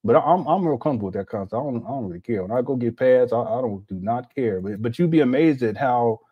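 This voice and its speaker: A man's voice: mid-range voice, animated, quick pace, breathy edge, narrow, tinny audio. A man hosting a casual reaction commentary, rambling with many restarts and scornful asides. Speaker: commentary host.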